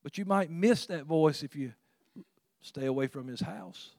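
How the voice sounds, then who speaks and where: A man preaching a sermon in a conversational, earnest way, with frequent restarts and sudden rises in pitch and volume. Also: unhurried, a little mellow, no room sound, clean studio sound. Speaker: pastor.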